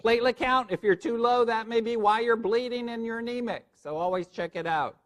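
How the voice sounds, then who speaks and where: Lively joking man giving a lecture. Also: extremely high pitch, a little fast. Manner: lively, joking, quizzes the audience. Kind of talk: board review lecture.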